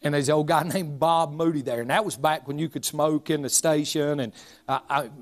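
A man, preaching a sermon as a folksy, humorous storyteller. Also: a little high. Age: 40s.

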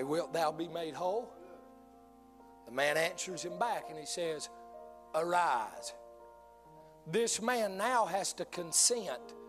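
High-voiced impassioned male preacher. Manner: impassioned preaching, quotes King James scripture. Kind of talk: sermon. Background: soft music.

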